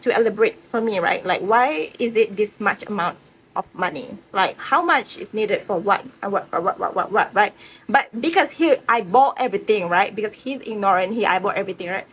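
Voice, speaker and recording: A woman's voice: on the high side, fairly bright tone, husky. A woman vlogger ranting casually to camera, blunt and profane, often checking in with "right?". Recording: slightly muffled audio with faint hiss.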